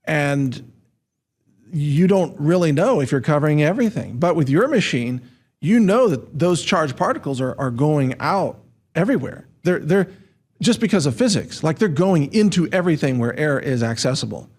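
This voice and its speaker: A man's voice: fairly high pitch, lively intonation, moderate pace, darkish tone, breathy edge. A man hosting an interview, thinking aloud and restarting his words as he asks questions. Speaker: interview host. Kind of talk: interview conversation.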